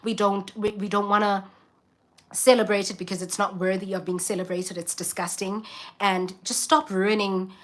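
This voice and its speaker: A woman's voice: mid-range voice, level tone, normal speed, fairly bright tone. A South African woman ranting bluntly and emphatically in a casual vlog. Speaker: vlogger. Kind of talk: casual vlog rant to camera.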